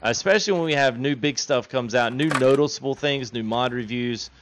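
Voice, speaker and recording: A man's voice: mid-range voice, brisk, noisy background. A man, chatting casually on a live game stream, reading chat and laughing often. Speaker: gaming streamer.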